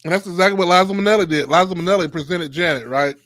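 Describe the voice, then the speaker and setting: A man's voice: sits high, rapid-fire, a bit bright, no room sound, studio quality. A man co-hosting a podcast in casual, playful chat. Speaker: podcast co-host.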